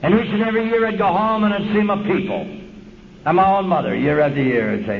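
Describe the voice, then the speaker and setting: A man's voice: sits high, animated, fast talker, vocal fry, crowd noise. A man giving a folksy, streetwise personal testimony at a recovery meeting, acting out the voices in his story. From Southern California. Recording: lo-fi 1970s tape recording, hissy.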